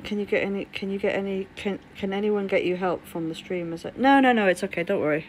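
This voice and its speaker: A woman talks on a live stream while still shaken and trembling from a fall. She rambles, repeats herself and restarts her sentences, dropping the odd swear word. Her voice sits at an ordinary pitch for a woman, and she is speaking from the floor at home. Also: fast, a little hiss or hum. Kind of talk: unscripted live-stream talk.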